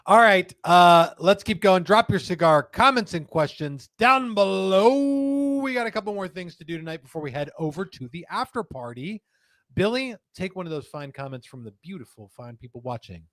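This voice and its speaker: A man hosts a live-stream chat in an animated, joking way, reading viewer comments aloud. His voice sits fairly high for a man. The sound is dry and close. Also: fairly quick, dry recording. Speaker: host of a live cigar show. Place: indoor studio room with a humidor.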